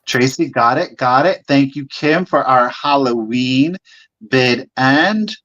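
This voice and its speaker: Slow-counting sale host, dull lo-fi sound. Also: mid-range voice, a bit bright. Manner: slow bid countdowns, thanking buyers by name. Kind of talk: live online sales chat.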